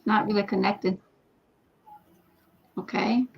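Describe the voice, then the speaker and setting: Woman, casual chat, halting and self-correcting, dull lo-fi sound. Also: medium pitch, steady tone, gravelly, breathy edge. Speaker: livestream participant. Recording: dull lo-fi audio.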